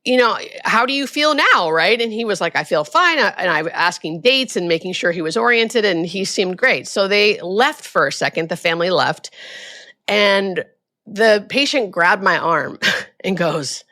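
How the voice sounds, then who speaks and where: Middle-aged woman guest, lively storyteller, jumps high when quoting others. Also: moderate pace. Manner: animated, acts out quoted voices with high pitch jumps. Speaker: hospice nurse guest. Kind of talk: conversational storytelling interview.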